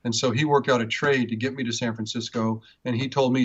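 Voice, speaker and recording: A man telling personal stories in an interview, earnest and rambling, with frequent restarts, rising in pitch when moved. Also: fairly even intonation, quick pace, hardly any pauses, breathy edge. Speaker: interview guest, author. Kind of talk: personal storytelling in conversation. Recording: dull, muffled audio.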